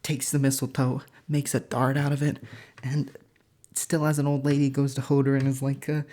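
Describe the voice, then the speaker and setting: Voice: medium pitch, completely flat delivery, normal speed, mellow. A casual, irreverent storyteller retelling an old saga with a rambling, joking manner. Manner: irreverent, rambling, with fillers and swearing.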